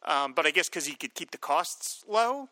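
A bright, ringing male voice, a little higher than most, talking over a film in relaxed podcast chat. He gets animated and jumps into shouted impressions of lines from the movie. The sound is dry and close. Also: moderate pace, dry recording. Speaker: podcast co-host.

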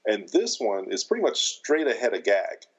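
A man in his fifties co-hosting a podcast, talking in a thoughtful, halting way with many restarts. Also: lowish voice, sing-song, breathy edge, rough recording. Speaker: podcast co-host. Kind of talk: casual chat.

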